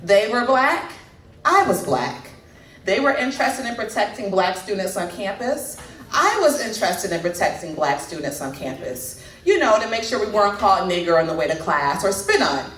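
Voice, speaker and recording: A woman's voice: mid-range voice, sing-song, normal speed, a bit bright, a little hiss or hum. A woman in her thirties doing a stand-up set, chatting and teasing the audience. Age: 30s. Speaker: stand-up comedian. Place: comedy club stage. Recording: echoey club from far mic.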